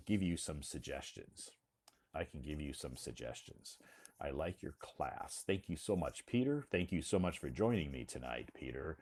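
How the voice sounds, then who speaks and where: An American man speaks in a very deep voice. He hosts a casual, friendly chat, slowing down and repeating things back so the other person can follow. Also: darkish tone. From United States. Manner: friendly, slow and encouraging, repeats to clarify. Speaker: host.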